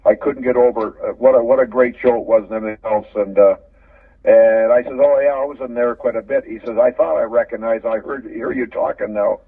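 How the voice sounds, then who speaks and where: A man's voice: mid-range voice, fairly even intonation, brisk, breathy edge, dry recording. Older man telling stories over a phone line. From Canada. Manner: rambling, repeats words, chuckles while telling stories. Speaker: guest, former hockey player. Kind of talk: casual storytelling interview. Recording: phone-line audio from a distance.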